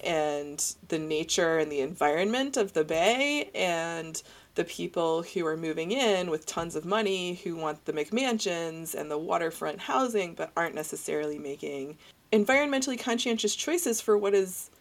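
A woman's voice: fairly low pitch, animated, normal speed. A woman co-hosting a book podcast, talking casually in a rambling, gushing way with many fillers. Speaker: podcast co-host. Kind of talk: casual chat.

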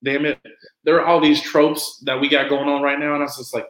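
Speaking fairly quickly in a fairly high voice, this podcast guest chats casually and brings his stories to life by performing the quotes. The audio is rough and the room echoes.

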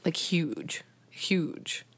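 A woman's voice: sits low, very slow, husky. A woman from Canada with a Canadian accent, co-hosting a casual music podcast, saying "like" often and laughing easily. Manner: relaxed, uses "like" constantly, laughs often. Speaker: podcast co-host.

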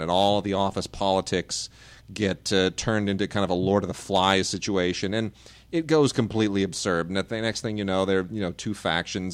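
A man co-hosting a podcast, chatting casually and rambling through a movie review in a loose, jokey way. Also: deep voice. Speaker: podcast co-host.

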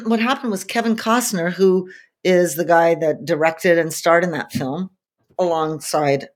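Raspy woman telling lively stories. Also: on the low side, a little slow. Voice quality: raspy, soulful. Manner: animated storyteller, frequent restarts and laughs. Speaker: guest singer. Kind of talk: casual interview chat.

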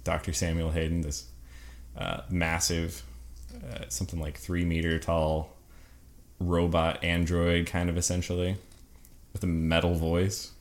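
Deep-voiced male podcast co-host, casual and eager, laughs a lot, lots of fillers. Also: completely flat delivery, a little slow. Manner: enthusiastic, laughs often, many fillers. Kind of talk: casual gaming chat.

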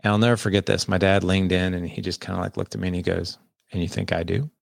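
A deep-voiced man tells a personal story in a candid, conversational way. His voice has a gravelly, fry-heavy texture, and the sound is dry and close. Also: level tone, quick pace, no room sound. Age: 40s. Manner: candid, conversational, quotes people in dialogue. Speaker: guest. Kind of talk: personal storytelling in a podcast interview.

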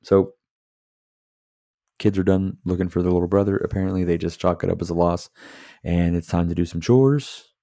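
Over a beer, a man hosting a podcast rambles through a casual movie review, swearing and filling gaps with filler words. His low, dark, creaky voice holds a steady tone at normal speed with long pauses, in a dry, clean studio recording.

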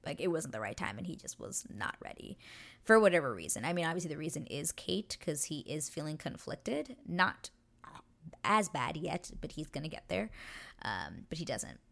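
A podcast host chats casually, gushing and rambling with constant use of "like" as she recaps a TV episode and performs the characters' lines. Her low, gravelly voice is very animated with a fairly bright tone, at a moderate pace.

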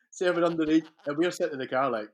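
A Scottish-accented man speaks as a podcast guest in casual, rambling chat. He swears freely and laughs through his anecdotes. His voice sits at a middling pitch for a man. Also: animated, fast, breathy edge. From Scotland.

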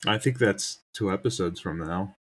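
A man co-hosts a podcast in casual chat, rambling and laughing often. His voice is low, fairly bright, at a moderate pace.

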